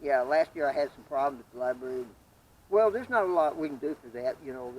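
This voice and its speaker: A man telling stories in casual chat outdoors, gruff and animated, acting out arguments and swearing often. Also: mid-range voice, fast, low-quality recording. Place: outdoors on a street.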